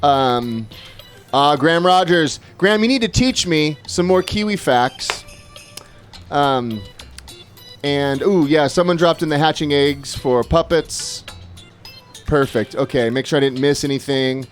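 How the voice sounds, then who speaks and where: Man, livestream co-host, chatty, slightly high voice, reading comments aloud, faint music under it. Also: a little slow. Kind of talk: casual livestream chat with auction.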